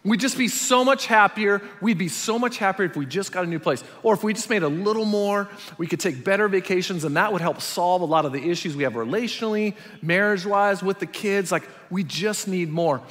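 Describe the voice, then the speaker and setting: A man preaching a sermon in a large church, telling stories with lively, acted-out quotes that swing from loud to hushed. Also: sits high, fairly quick, few pauses. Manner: animated storytelling, acts out quotes with big swings from loud to hushed. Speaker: pastor. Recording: reverberant hall.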